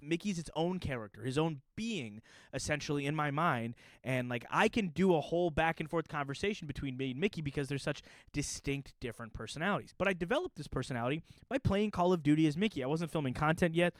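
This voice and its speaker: A man's voice: fairly high pitch, dry recording. A young man telling stories in a casual, joking chat to camera as a puppeteer and YouTuber. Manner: animated, joking, storytelling.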